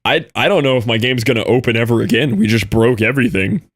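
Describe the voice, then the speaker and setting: A man livestreaming and chatting with viewers, excitable and laughing often, with quick asides to chat. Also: medium pitch. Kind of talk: live stream chatter reading chat.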